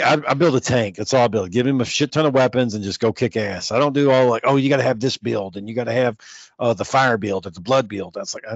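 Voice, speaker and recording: A man's voice: medium pitch, no echo, lo-fi sound. A man in casual chat about games with a friend, laid-back and rambling, swearing freely. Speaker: gamer chatting with a friend.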